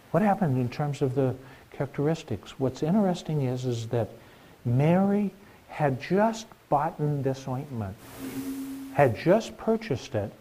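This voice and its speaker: A man's voice: medium pitch, mellow. A middle-aged man preaching a sermon in a conversational way, asking the congregation questions.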